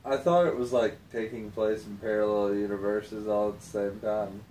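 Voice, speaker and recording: A man's voice: lowish voice, fairly even intonation, normal speed, a little mellow. Laid-back man, roomy and distant. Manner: laid-back, short agreeing replies, swearing. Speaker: host. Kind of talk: casual chat about movies. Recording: roomy sound from a distant mic, faint noise.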